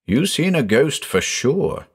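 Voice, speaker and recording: A man voicing an excitable, superstitious middle-aged farmer with a folksy rural American drawl. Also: medium pitch, a little slow. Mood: awed.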